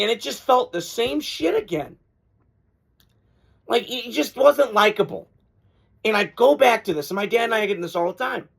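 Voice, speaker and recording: Sports show guy going off, blunt and swearing a lot, kinda high voice with gravel in it. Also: a bit bright. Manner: blunt, profane, mocking. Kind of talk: opinionated sports talk monologue.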